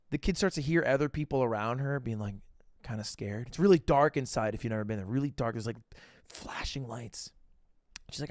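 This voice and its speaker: A young man streaming from home, telling a story to his chat in a casual, animated way, jumping into high voices when he quotes people. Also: a little fast, no echo, studio quality.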